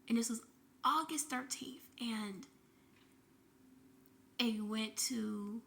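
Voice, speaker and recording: A woman's voice: a little high, vocal fry, sharp tone. A woman vlogger telling an emotional personal story, shaken and grieving, in a breathless retelling with frequent swearing.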